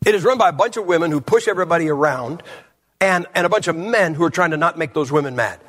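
A husky, fairly high-voiced man preaching to a congregation. He tells stories bluntly and jokes his way through the sermon. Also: animated, fast, a bit bright. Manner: blunt, joking storyteller. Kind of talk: humorous sermon. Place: church service.

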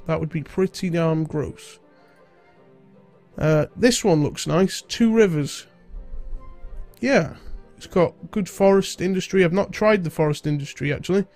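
A man's voice: a little high, a little mellow. Stuffy-nosed man doing game commentary. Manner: chatty, rambling, British-sounding slang. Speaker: gaming video host. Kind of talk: casual let's-play commentary.

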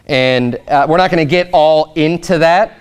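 Male pastor, earnest conversational sermon, slightly high, smooth resonant voice. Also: moderate pace. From United States. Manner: earnest, conversational preaching with frequent restarts. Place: church sanctuary.

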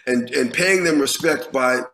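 A man in his fifties, a guest musician telling a lively story in an interview, swearing freely and often restarting with repeated words. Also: mid-range voice, measured pace, faint music behind, rough recording.

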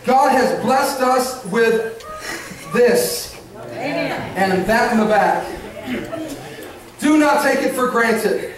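Earnest pastor in echoing church. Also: male voice, very high voice. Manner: earnest, repetitive, promising and urging. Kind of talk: sermon to children and adults. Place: church sanctuary. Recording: echoey church hall, mic at a distance.

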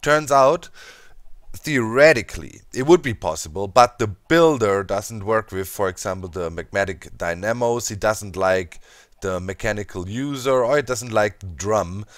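A man with a German accent hosting a gaming video, talking to viewers in an animated, playfully scheming way. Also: fairly low pitch, moderate pace, no echo, studio quality. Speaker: Minecraft let's play host. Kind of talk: gaming commentary.

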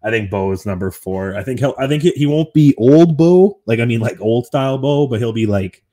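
A man's voice: on the low side, fast talker, darkish tone. A man talking casually on a sports podcast, rambling and self-deprecating, restarting often. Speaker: podcast co-host.

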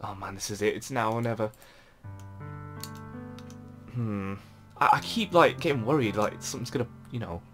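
A man giving nervous, jittery gameplay commentary from a dark room at home. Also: on the low side, normal speed, pauses often, soft background music. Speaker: gaming commentator. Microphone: headphones with mic.

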